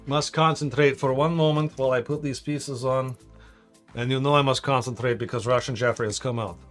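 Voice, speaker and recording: A man's voice: mid-range voice, steady tone, a bit bright, faint music behind, lightly acted. A man putting on a stern mock-Russian alter ego. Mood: mock-serious. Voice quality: deliberately bad Russian accent. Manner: formal, clipped, self-important. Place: home.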